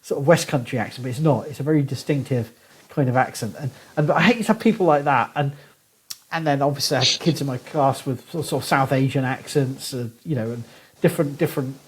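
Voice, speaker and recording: A man's voice: medium pitch, fast, rough recording. A middle-aged man with a Southern English accent, a guest archaeologist telling chatty anecdotes with frequent laughs in a casual podcast conversation. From southern England.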